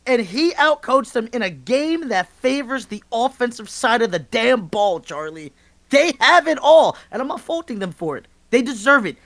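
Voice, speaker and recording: A man co-hosting a sports podcast, ranting passionately and emphatically, with swearing and bursts of near-shouting. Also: very high-pitched, lively intonation, normal speed, gravelly. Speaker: podcast co-host. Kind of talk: heated sports talk rant.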